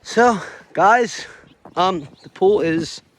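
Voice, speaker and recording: A man's voice: high voice, animated, very slow. A man casually talking to the camera in a family vlog, upbeat and chatty, recorded outdoors in the snow. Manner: upbeat, chatty, laughs often. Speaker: family vlogger. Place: outdoors in snowy yard.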